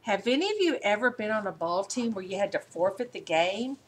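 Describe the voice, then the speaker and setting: A woman teaching a practice phonics lesson, talking to pupils and slowly sounding out words to them, recorded on a webcam. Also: mid-range voice, expressive, slight background noise. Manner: slow, encouraging, sounds out words.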